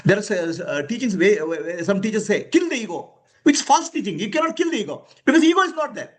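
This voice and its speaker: Male spiritual teacher, high and animated voice, emphatic with frequent chuckles, quizzes his listeners. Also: quick pace. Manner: emphatic, questioning, chuckling often. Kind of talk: spiritual discourse to students.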